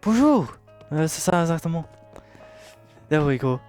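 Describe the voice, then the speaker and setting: A young British man commenting casually on a game he is playing, swearing and reacting loudly to what happens on screen. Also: medium pitch, lively intonation, a little slow, faint music behind. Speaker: streamer.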